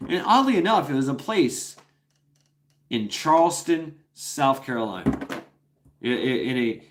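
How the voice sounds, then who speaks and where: A man's voice: medium pitch, slight background noise. A man hosting a casual livestream, telling a rambling, profane story with many restarts and chuckles. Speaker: livestream host.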